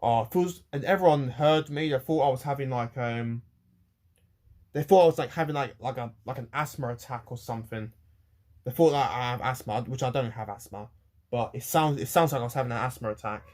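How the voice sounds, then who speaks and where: A man ranting on a personal vlog to camera, rambling and halting with many restarts and repeated words, emotional and close to tears. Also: medium pitch, a little mellow. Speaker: vlogger.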